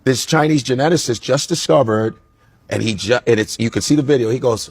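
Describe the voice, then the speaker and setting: A man in casual conversation, telling stories animatedly and slipping into quick impressions. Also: mid-range voice, slightly rough. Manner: animated storyteller who slips into impressions. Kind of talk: casual chat.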